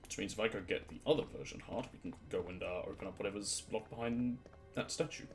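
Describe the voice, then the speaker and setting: A man's voice: fairly low pitch, fast, soft background music. A man streaming a video game, chatting casually to himself as he plays, swearing, laughing and trailing off, shivering a little from the cold. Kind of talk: casual let's-play commentary.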